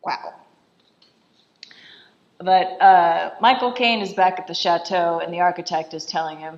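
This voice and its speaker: A woman chatting through a film commentary, retelling scenes in an easy, offhand way. Her voice sits fairly low. The recording is dull and lo-fi. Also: fairly even intonation, a little slow, pauses often.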